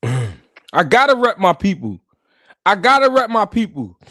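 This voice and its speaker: A man's voice: sits high, sing-song, unhurried, fairly bright tone, no room sound, studio quality. A man hosting a live stream, chatting casually and animatedly in slang, talking straight to his chat.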